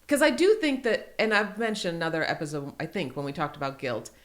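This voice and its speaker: A middle-aged woman hosting a podcast, telling a personal story in casual chat and acting out the quotes with lively energy. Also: lowish voice, brisk. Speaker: podcast host.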